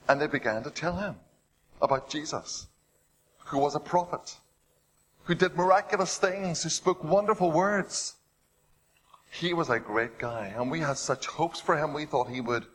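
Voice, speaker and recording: A man preaching a sermon. He retells stories with rising drama, asks the listeners rhetorical questions and drops to a hush on heavy points. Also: a little high, expressive, moderate pace, slight background noise, low-quality recording.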